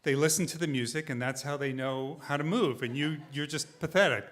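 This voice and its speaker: A man's voice: fairly high pitch, brisk, a bit bright, lightly acted. A man voicing his grown daughter, blunt and scolding.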